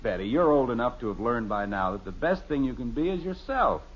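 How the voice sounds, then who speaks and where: A man's voice: mid-range voice, animated, a little fast, slightly rough. A dry-witted, wry father. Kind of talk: 1950s radio sitcom acting. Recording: dull, hissy 1950s radio recording.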